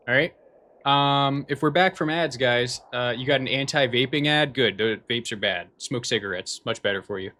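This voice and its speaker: Guy streaming from home, bright forceful voice, chatty, reading chat out and joking around, faint hiss behind. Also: mid-range voice, moderate pace. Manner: chatty, reads and answers chat aloud with dry jokes. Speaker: livestreamer. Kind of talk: casual livestream chat.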